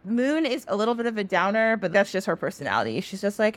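A woman podcast host retelling a myth in a casual, animated way, swearing freely. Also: medium pitch, fast, few pauses.

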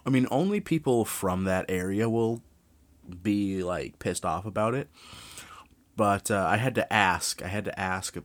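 A young man hosting a true crime podcast, ranting casually, animated and full of swearing. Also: on the low side, a little slow.

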